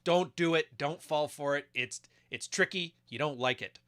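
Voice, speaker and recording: A man's voice: on the high side, normal speed, a bit bright. A man giving crude, mocking casual commentary while reacting to videos. He keeps acting out quoted voices.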